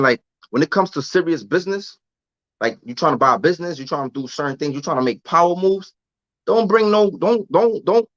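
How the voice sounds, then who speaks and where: A man's voice: on the high side, fairly bright tone, dry recording. Slangy, restarting man on a dull mic. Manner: loose slangy talk with frequent restarts and repeated words. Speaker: vlogger answering live chat. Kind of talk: casual livestream chat.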